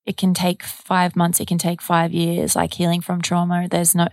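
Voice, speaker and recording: A woman with a low, flat voice co-hosts a podcast. She speaks in a steady, reflective and supportive way. The recording is dry and close to the mic. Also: moderate pace, dry recording. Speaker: podcast co-host. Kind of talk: casual chat.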